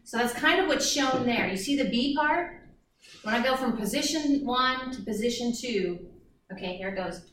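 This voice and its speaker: A woman's voice: on the high side, expressive, moderate pace, fairly bright tone, distant mic, slight background noise. A woman lecturing an astronomy class, chatty and full of restarts, sometimes acting out orbits with sound effects. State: out of breath. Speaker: astronomy instructor. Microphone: far from the mic. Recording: echoey classroom recorded from afar.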